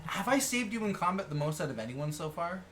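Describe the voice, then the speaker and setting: A man playing a tabletop game with friends, eager and animated in casual chat. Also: sits high, fast talker, slight background noise. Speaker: player.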